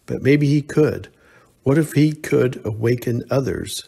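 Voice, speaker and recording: A man narrating a science fiction short story in a measured, steady reading. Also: mid-range voice, gravelly, husky.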